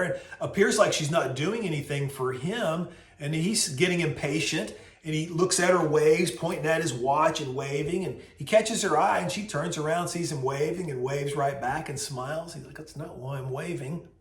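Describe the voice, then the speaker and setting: Casting: animated male host, slightly high voice, storytelling in a roomy space. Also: normal speed. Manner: lively storyteller, acts out voices. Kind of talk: casual storytelling vlog. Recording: roomy echo.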